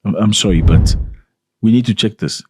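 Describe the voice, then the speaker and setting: A man from Africa hosting a reaction commentary, animated and indignant, repeating lines for emphasis. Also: lowish voice, moderate pace, noisy background. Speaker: commentary channel host.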